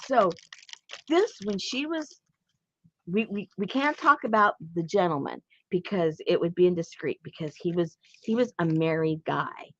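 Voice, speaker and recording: A woman chatting playfully as she shows off her craft work. Her voice sits low and husky, yet it leaps around with lively expression. The recording is dry and a little dull. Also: normal speed. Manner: playful and chatty, laughs often. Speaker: craft channel host. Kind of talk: casual chat showing a handmade journal.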